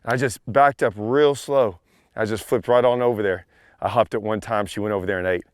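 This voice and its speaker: Man, breathless, excitable, outdoors on a lake, dry close sound. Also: fairly low pitch, a little fast, clear, resonant tone, no room sound. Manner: excitable, shouting with joy. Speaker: fishing show guest anchor. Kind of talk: excited on-camera fishing talk.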